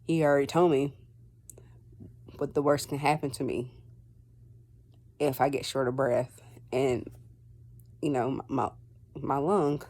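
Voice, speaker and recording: A woman's voice: very deep voice, fairly even intonation, slow pace, long pauses, darkish tone. A woman vlogger telling a personal story in a casual, rambling way. She fills her talk with "like" and "um" and acts out conversations in quotes. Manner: rambling, heavy on fillers like "like" and "um".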